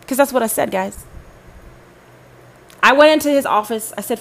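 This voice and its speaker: Woman host, fairly high voice, furious and foul-mouthed, talks right at her audience. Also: normal speed, vocal fry. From Southern United States. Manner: profane, confrontational, addresses listeners directly. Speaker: podcast host telling her own story. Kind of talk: angry personal monologue.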